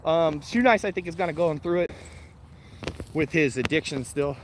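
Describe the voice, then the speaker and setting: A man with a high voice talks loosely and profanely while walking outdoors, blunt and laid-back, laughing easily as he answers comments. A faint hiss of outdoor ambience sits behind him. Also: moderate pace. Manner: shouts for his dogs. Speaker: vlogger reading live chat. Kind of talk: casual rambling chat on a walk. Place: outdoors on a morning walk with dogs.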